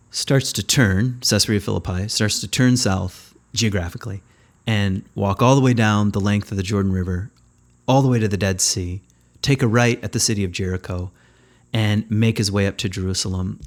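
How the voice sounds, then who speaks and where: A man giving a reflective spiritual teaching talk as a podcast host, thoughtful and conversational, often searching for words. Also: lowish voice.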